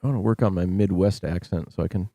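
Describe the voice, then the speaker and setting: A man in relaxed banter with his live-stream audience, joking as he goes. His voice is on the low side and very dark and mellow. The sound is close and dry. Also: quick pace, no echo. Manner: joking, laid-back, chatty with viewers. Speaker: scambait livestream host. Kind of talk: casual live-stream chat.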